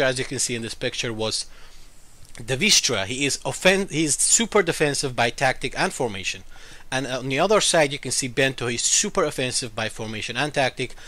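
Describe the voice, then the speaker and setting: A man's voice: medium pitch, bright, forceful tone, no echo. A man with an unusual mixed accent, talking casually to viewers as a gaming YouTuber and explaining things at length. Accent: unusual mixed accent that viewers comment on. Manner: talkative, explains at length, defends himself. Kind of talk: casual game commentary to viewers.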